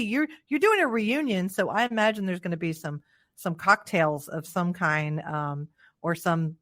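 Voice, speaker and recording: A woman's voice: lowish voice, fairly bright tone, no echo, clean studio sound. A woman in her forties hosting a podcast, talking in a chatty, joking way with self-deprecating asides. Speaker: podcast host. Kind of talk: casual podcast chat.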